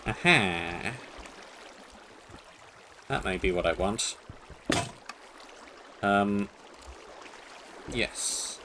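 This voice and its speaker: A man's voice: on the low side, sharp tone, a little hiss or hum. A man streaming a puzzle game, muttering to himself in short fragments as he works things out. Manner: slow, thinking aloud in short fragments. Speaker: streamer playing a puzzle map. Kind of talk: muttering to himself while playing.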